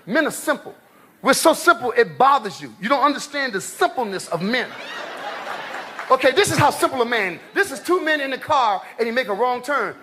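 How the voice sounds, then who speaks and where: High, animated man shouting stand-up. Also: normal speed, long pauses, background noise. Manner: animated, shouting act-outs. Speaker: comedian. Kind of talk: stand-up comedy. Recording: live stage with crowd.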